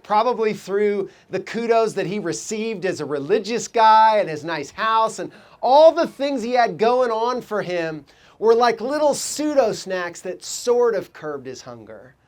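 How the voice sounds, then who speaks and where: A man preaching a sermon as pastor, telling stories with lively quoted voices and asking the congregation reflective questions. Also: high voice. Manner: animated storytelling, quoting people in raised voices.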